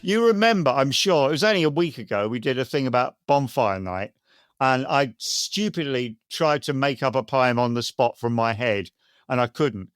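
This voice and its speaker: A man's voice: mid-range voice, lively intonation, moderate pace, no echo, studio quality. An English man co-hosting a comedy podcast with mocking, rambling banter. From England. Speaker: podcast co-host.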